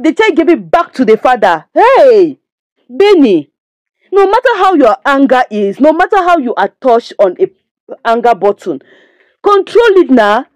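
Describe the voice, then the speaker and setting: A young woman with a Nigerian accent retells a drama episode in a loose, chatty way. She keeps turning to her listeners to moralize. Her voice sits slightly high and sounds dry and close. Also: dry recording. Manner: chatty, preachy asides, addresses listeners as "my people". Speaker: movie reviewer. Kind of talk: casual recap and commentary.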